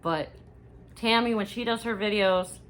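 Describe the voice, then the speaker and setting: A middle-aged woman chatting casually to viewers in a haul video, rambling and gossipy with lively asides. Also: medium pitch, unhurried, a little hiss or hum. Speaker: haul vlogger.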